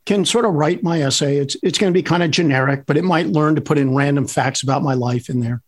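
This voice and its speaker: A man's voice: a little high, fast talker. A man hosting a casual chat, playfully asking provocative devil's-advocate questions. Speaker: podcast host.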